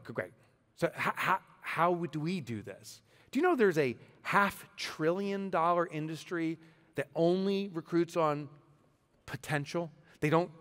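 A man giving a motivational keynote talk in a conversational, animated way, full of rhetorical questions. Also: high voice, in a large hall. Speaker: keynote speaker.

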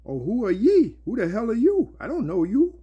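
A man voicing a scornful male evil spirit who shouts mocking questions. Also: high voice, huge pitch swings, normal speed, slightly rough, highs cut off, pitched above the performer's own voice, full character voice.

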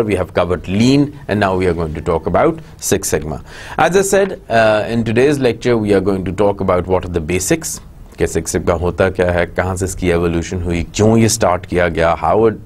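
A man's voice: low voice, a little mellow. A man with a Pakistani English accent giving a recorded university lecture, mixing Hindi-Urdu and English with frequent "uh" fillers.

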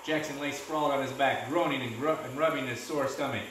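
A man, a teacher, reading a storybook aloud to his class in a steady way. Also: medium pitch, fairly quick, slight background noise. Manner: steady, with small restarts. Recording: echoey room from far off.

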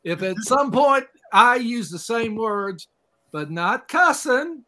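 Guest expert from Oklahoma, man with a high voice, drawn-out folksy talk. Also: very animated, pushed and bright, a little hiss or hum. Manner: unhurried, folksy imagery. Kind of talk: casual chat.

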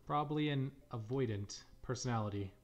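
A man's voice: mid-range voice, a little fast, dull audio, a little hiss or hum, close to an everyday voice. A man reading a smug, condescending male scientist who analyzes someone like a test subject.

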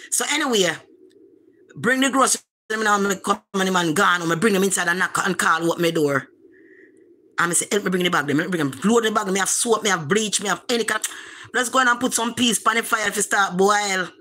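A woman's voice: medium pitch, sharp tone. A woman with a Jamaican accent telling a rambling personal story in patois, repeating words for emphasis. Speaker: vlogger.

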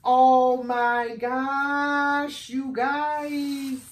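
A woman's voice: high-pitched, flat delivery, extremely slow. A middle-aged American woman chatting casually in a vlog, gushing and exclaiming over each thrift find. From United States. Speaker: thrift haul vlogger.

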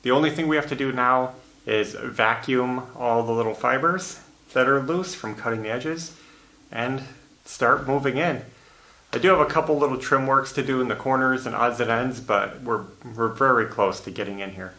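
A man with a bright, forward voice talks through a DIY job in a relaxed, matter-of-fact way. His voice still has a morning roughness to it. He is in a bare room that rings with echo. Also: medium pitch, moderate pace. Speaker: DIY vlogger installing carpet. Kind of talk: casual home-project vlog. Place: empty room in a house, indoors. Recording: echoey empty room.

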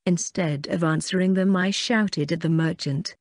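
Flat synthetic audiobook narrator. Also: mid-range voice, normal speed, hardly any pauses, no room sound, clean studio sound. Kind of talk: scripted first-person narration.

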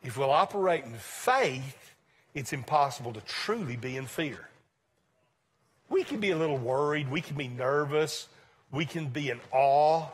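Preaching to his congregation in church, a male pastor with a fairly high, husky voice speaks at a measured pace, animated and conversational, swinging from emphatic loud points to quiet asides.

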